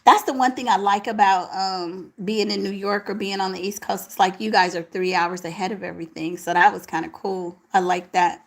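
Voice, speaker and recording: This sleepy young woman streams late at night from home by herself, casually reading and answering viewer comments in slangy talk. Her mid-range voice stays fairly even in intonation, runs a little fast with hardly any pauses, and has a tired, crackling quality.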